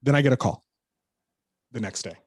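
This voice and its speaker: Guy guesting on a podcast, rambling animated story, cusses a lot, mid-pitched, dry close mic. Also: moderate pace, breathy edge, no room sound. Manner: animated storyteller, swears freely. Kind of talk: casual storytelling interview.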